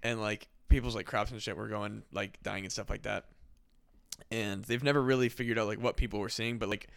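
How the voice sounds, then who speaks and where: A man with a smooth, clear voice hosts a casual podcast chat and rambles through a story, packing it with fillers and swearing. The sound is dry and close, with no room echo. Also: fairly low pitch, fairly even intonation, brisk, a bit bright. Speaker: podcast host.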